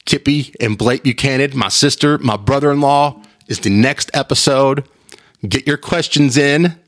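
A man's voice: mid-range voice, normal speed. A man hosting his own podcast, rambling in casual chat with frequent restarts. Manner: rambling, animated, with repeated restarts. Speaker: podcast host.

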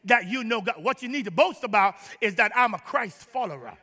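High, bright-voiced preaching man. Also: lively intonation, brisk, big-room sound. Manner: preaching to a congregation with humor, rising to shouts. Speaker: pastor. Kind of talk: sermon. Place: large church.

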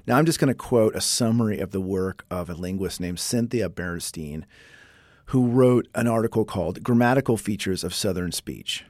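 A man hosts a relaxed explanatory talk in a fairly low voice. He reads passages aloud and keeps stepping out of them to add chatty asides. The sound is dry and close, with no room around it. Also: normal speed, no echo. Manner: chatty, breaks into read quotes with asides. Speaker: podcast host.

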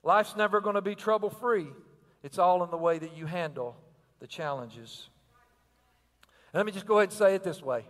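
A man's voice: high voice, normal speed, long pauses, long reverb tail. An older man preaching a sermon with energy and rhythm, asking the crowd questions and repeating phrases. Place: church sanctuary.

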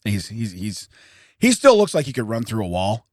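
A hoarse man co-hosting a podcast, telling a story in casual chat, laughing often and acting out the people he quotes. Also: lowish voice, wildly swooping pitch, normal speed, no room sound, clean studio sound. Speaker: podcast co-host. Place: podcast studio.

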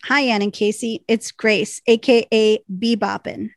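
A woman's voice: fairly high pitch, steady tone, unhurried, no echo. Chatty woman podcast co-host. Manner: chatty, reads letters with bursts of laughter. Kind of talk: casual chat, reading listener emails aloud.

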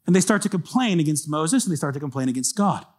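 Seorang pendeta pria berkhotbah dengan gaya bercerita yang santai dan hidup, suaranya agak tinggi untuk seorang pria. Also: male voice, on the high side, quick pace. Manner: conversational, animated storytelling. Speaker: pastor. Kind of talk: sermon.

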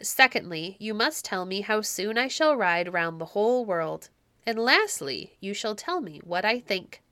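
A proud medieval king barks orders and mocks his subject in a bright, forceful voice, as a woman reader puts him on. The sound is close and dry, with no room around it. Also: medium pitch, big pitch swings, unhurried, no room sound. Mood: commanding. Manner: commanding, mocking. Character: domineering medieval king, male, scornful. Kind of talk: audiobook reading.

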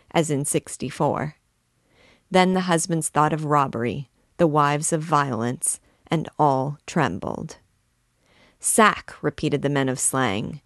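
A woman with a low voice reads a classic novel aloud at a measured pace. She gives the characters' cries a little extra lift. The recording is close and dry. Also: dry recording. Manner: measured, lightly voicing the characters' shouts. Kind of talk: unabridged audiobook reading.

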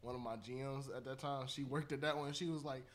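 A man's voice: mid-range voice, steady tone, fast talker. A young man co-hosting a casual chat, telling slangy stories and laughing often. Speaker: podcast co-host.

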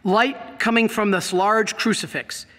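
A man's voice: high-pitched, fairly even intonation, a little slow, pushed and bright, big-room sound. A middle-aged man preaching a sermon to a congregation, emphatic and asking them questions. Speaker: priest. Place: church.

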